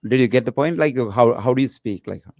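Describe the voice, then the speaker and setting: A man's voice: medium pitch, a little mellow, dry recording. Man hosting a webinar, dry sound. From India. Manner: curious, questioning, halting. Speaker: webinar host.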